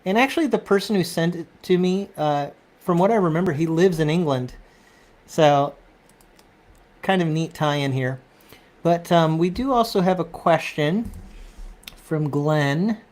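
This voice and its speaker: A man hosting a casual conversation, talking haltingly with restarts and throat clearing. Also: on the high side, a little mellow. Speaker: host. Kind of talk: casual chat.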